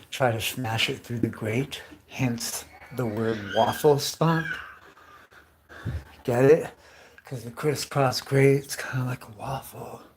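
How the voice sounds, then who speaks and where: A man of fifty in a rambling comic monologue, swearing freely, calling everyone dude and bro and firing off rhetorical questions. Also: medium pitch. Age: 50s. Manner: profane, chatty, full of rhetorical questions; calls listeners dude and bro.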